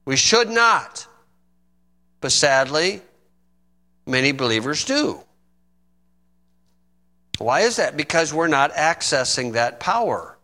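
A middle-aged man preaching a sermon, reading scripture slowly and adding folksy asides. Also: a little high, very animated, pushed and bright. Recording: long reverb in a hall.

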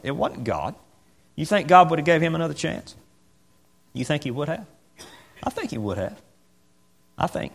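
Male preacher, middle-aged, mid-pitched voice, talks plainly to the congregation and repeats key lines for emphasis. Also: vocal fry, in a large hall. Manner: conversational, asks the congregation questions, repeats phrases; reads scripture aloud and acts out the dialogue. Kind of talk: sermon.

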